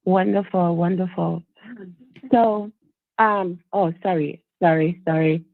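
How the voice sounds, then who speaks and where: A woman's voice: on the low side, steady tone, takes it slowly, creaky, dry recording. A woman from Trinidad calling into a live talk show, speaking emphatically about her views. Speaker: caller. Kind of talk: call-in show opinion. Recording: tinny phone line, dry.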